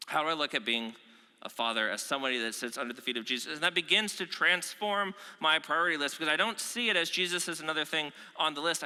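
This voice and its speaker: A man's voice: fairly high pitch, quick pace, bright, forceful tone, smooth. A young adult man, an executive pastor, preaching a sermon in a candid, self-deprecating, conversational way full of "like"s. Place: large church auditorium. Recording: long hall reverb.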